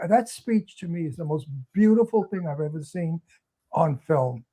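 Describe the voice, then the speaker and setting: A man's voice: fairly high pitch, expressive, unhurried. A man with a Brooklyn accent, an actor guest talking bluntly and emphatically in a talk show interview.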